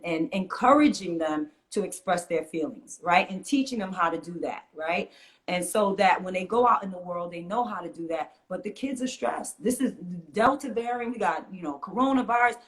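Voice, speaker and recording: A woman's voice: fairly low pitch, moderate pace. A middle-aged woman, a mother and teacher, talking earnestly in an interview and acting out what she says to kids. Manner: earnest, animated storytelling, acts out quotes. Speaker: guest, fitness teacher and mother. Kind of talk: conversational interview.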